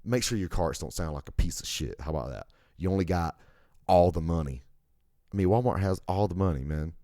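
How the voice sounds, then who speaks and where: A man's voice: low voice, animated, fairly quick, dark tone, no echo, studio quality. A young American man hosting a podcast alone, rambling and ranting with heavy profanity. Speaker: podcast host. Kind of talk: casual solo monologue.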